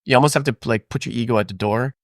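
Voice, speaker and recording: A man's voice: medium pitch, very fast, no echo, clean studio sound. A man, a drummer guest on a podcast, talking casually with lots of fillers and restarts. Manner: relaxed, rambling with many fillers. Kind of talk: casual interview chat.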